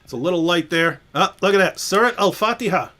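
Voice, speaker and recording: A man's voice: high voice, expressive, fast talker, sharp tone. A man hosting a livestream, ranting in a mocking, taunting way and laughing often. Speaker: livestream host. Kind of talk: provocative livestream rant.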